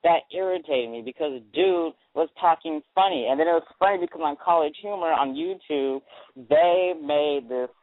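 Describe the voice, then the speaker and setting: A man's voice: a little high, moderate pace, no echo. A young man co-hosting a casual movie review show, rambling and joking with lots of restarts. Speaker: podcast co-host. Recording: tinny phone-like lo-fi sound.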